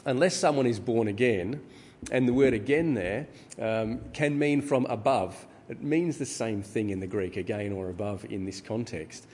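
A middle-aged man preaching a sermon, teaching in a measured way with frequent ums. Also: fairly low pitch, a little mellow, husky. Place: church hall. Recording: reverberant hall with faint ambience.

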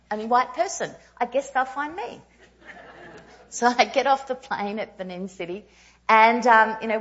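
A woman in her thirties preaching a storytelling sermon, animated and self-mocking with quick asides. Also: medium pitch, lo-fi sound. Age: 30s.

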